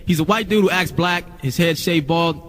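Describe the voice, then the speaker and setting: A man's voice: a little high, normal speed, a bit bright. A man being interviewed, telling a story in a candid, casual way with swearing and repetition. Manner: candid, profane, repeats himself.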